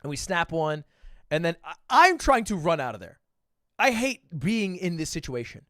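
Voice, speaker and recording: Lively high-voiced man telling a story. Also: normal speed, dry recording, studio quality. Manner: animated, swears freely, self-deprecating. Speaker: streamer. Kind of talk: casual storytime monologue.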